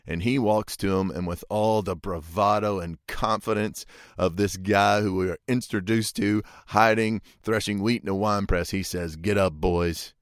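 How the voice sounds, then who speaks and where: Pastor, male, lowish voice, dry close sound, chatty storytelling sermon with rhetorical asides. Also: fairly even intonation, moderate pace, no echo. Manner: folksy, imagines aloud, asks listeners rhetorical questions.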